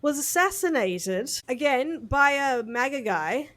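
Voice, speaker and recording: A woman with a fairly high voice talks through the news as a podcast co-host. She is blunt and casual, swearing freely and laughing at her own jokes. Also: animated, unhurried, a bit bright.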